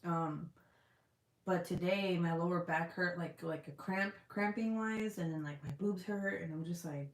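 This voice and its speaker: A young woman with a slightly low voice chats on a live stream, rambling and cursing freely, trailing off into fillers and little laughs. Her voice bounces around a roomy, echoey space. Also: measured pace. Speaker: vlogger reading live chat. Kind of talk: casual live-stream chat. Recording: roomy echo.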